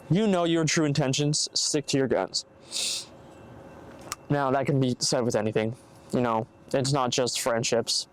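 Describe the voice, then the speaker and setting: This podcast host is a young man doing a casual solo show, where he rambles earnestly through advice and plays out imagined conversations. He speaks at a normal speed with a medium pitch and a steady tone. There's faint background noise, and the mic is poor.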